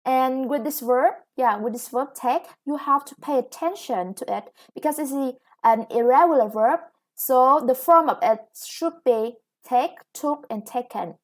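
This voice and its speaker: A high-pitched woman with a Vietnamese accent teaches English grammar in a recorded lesson. She's slow and patient, sprinkling in plenty of "yeah" and "okay."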